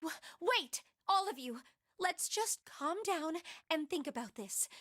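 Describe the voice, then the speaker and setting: A woman's voice: very high voice, animated, a little slow, sharp tone, no echo, clean studio sound, voice pushed up, full character voice. A woman voicing an earnest young woman who pleads anxiously with the others. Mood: pleading.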